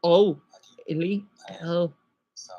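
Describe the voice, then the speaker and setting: A man's voice: sits high, fairly even intonation, slow pace, warm tone, muffled recording. A man streaming live and chatting casually with viewers, rambling, correcting himself and slipping in French phrases. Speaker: livestreamer answering viewers.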